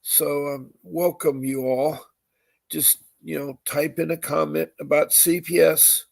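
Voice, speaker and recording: A man hosting a live-streamed podcast and reading out housekeeping notes in a halting way, with many fillers, restarting and repeating details slowly. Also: fairly high pitch, level tone, creaky, dry recording. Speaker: podcast host.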